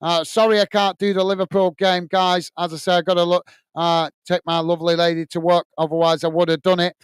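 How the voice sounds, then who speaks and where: A high-pitched English man with a smooth, clear voice signs off his football stream, thanking viewers one by one. He talks in a loose, chatty way, full of "uh" and "mate". The sound is dry and close. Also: level tone, fairly quick, no room sound. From England. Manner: chatty, repeats "mate", many "uh" fillers. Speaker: host of a football watch-along stream. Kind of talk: casual live-stream sign-off, reading viewer comments.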